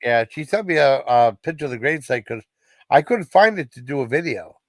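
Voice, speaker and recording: A man's voice: mid-range voice, animated, fairly quick. A man hosting a casual livestream chat, with a mid-range voice. He rambles through his stories with many uhs, and his voice is dry and close, with no room echo. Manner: rambling, agreeable, lots of uh and yeah. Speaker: livestream host.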